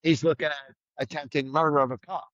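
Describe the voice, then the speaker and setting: A middle-aged man, a retired trooper, telling a story in a blunt, vivid way, loudly acting out the lines of the people he quotes. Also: on the high side, steady tone, a little fast, no echo, muffled recording. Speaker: retired state trooper guest. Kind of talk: casual storytelling in a podcast interview.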